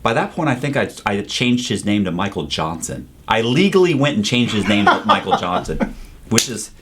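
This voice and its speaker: A man being interviewed, telling his story in a casual, animated way, acting out what others said and swearing freely. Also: lowish voice, normal speed, slight background noise. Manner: animated, profane storytelling, acts out quoted voices, says "bro". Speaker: interview guest, former con man.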